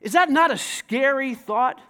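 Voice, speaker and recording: A man preaching to his church, talking conversationally with many rhetorical questions and rising to shouts. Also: very high-pitched, a little slow, smooth. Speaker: pastor. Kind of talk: sermon.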